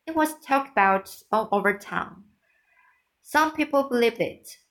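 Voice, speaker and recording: A woman reading a children's novel aloud, slow and halting, often stumbling and restarting words. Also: fairly high pitch, a bit bright, low-quality recording. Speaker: reader.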